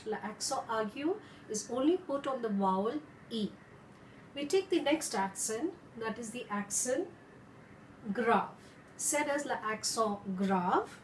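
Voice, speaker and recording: A woman French teacher who explains slowly and carefully and repeats her examples. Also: a little high, a little hiss or hum. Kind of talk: instructional lesson. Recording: echoey room.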